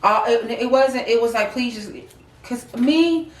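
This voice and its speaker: A woman's voice: fairly high pitch, measured pace, distant mic. A woman co-hosting a casual heartfelt chat, talking emphatically and repeating herself to make her point. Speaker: co-host. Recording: roomy, off-mic sound.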